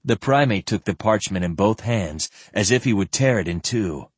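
A man narrating an audiobook in a calm, expressive, scripted way. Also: on the low side, normal speed, slightly rough, no room sound.

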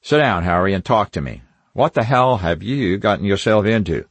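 A man voicing a big, brash male police chief who speaks in gruff commands. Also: on the low side, expressive, normal speed, no room sound.

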